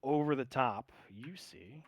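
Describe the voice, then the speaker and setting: A man's voice: mid-range voice, expressive, unhurried, no room sound. Laid-back male game master, dry sound. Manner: loose, filler-heavy description. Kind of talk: narrating a tabletop game.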